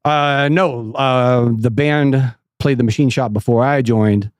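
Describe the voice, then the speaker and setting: A man's voice: mid-range voice, steady tone, slow, clear, resonant tone, no room sound, studio quality. A man co-hosting a podcast in casual chat, a musician given to joking banter. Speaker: podcast co-host and rock musician.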